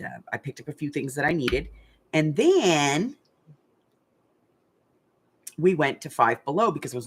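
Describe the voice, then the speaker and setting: A woman's voice: extremely low pitch, husky. Chatty older woman telling a story. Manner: chatty, animated retelling with filler words. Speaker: craft channel host. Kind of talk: casual storytelling.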